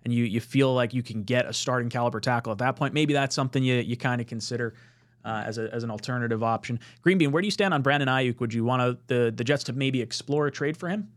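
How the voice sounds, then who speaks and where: A man's voice: mid-range voice, fast. A man hosting a casual sports podcast, talking steadily and reading out the live chat. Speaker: podcast host.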